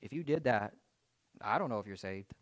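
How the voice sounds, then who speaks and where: A man voicing the devil as a sly male spirit, whispering accusations in a hushed, insinuating way. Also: lowish voice, animated, fairly quick, dry recording, voice pushed down, close to an everyday voice.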